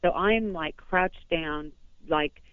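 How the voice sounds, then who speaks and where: Calling in by telephone, a woman from Southern California gives an emotional first-person account, rambling and breathless with many restarts. Her voice sits low and slow, heard over a tinny phone line.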